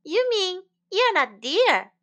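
A woman's voice: extremely high pitch, very animated, slow, voice pushed up, exaggerated voice. A woman voicing a confident, teasing male deer in a children's story. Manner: teasing, shouting.

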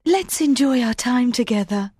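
Man putting on a high breathy young woman, frightened singer, audiobook voice, dry close sound. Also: lively intonation, moderate pace, darkish tone, dry recording, heavily acted. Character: young woman opera singer, fearful and tender. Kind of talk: audiobook character voice.

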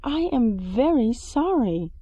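A woman's voice: a little high, sing-song, takes it slowly, dark tone, slightly rough, pitched above the performer's own voice, full character voice. A woman voicing a polite, eager cat who works as a busboy and speaks formally.

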